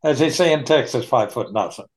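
A man leading an online Bible study, teaching in an unhurried, folksy way and chuckling often. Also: mid-range voice, lively intonation, darkish tone.

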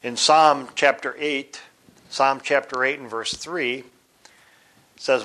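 A man teaches from the Bible in a deliberate, explanatory manner, spelling words out letter by letter. His mid-range voice is bright and forceful, with fairly even intonation.

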